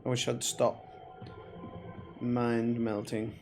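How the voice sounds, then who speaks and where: A man's voice: medium pitch, completely flat delivery, takes it slowly, over music. Man muttering through a game. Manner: muttering and thinking aloud. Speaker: gamer playing a horror game. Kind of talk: let's play commentary. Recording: background noise under the voice.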